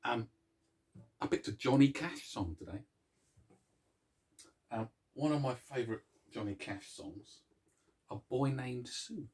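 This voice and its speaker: A man's voice: medium pitch, slow, long pauses, darkish tone, husky. A man hosting a casual music show, chatting to viewers in a rambling, self-mocking way, with plenty of restarts. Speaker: host of a music series.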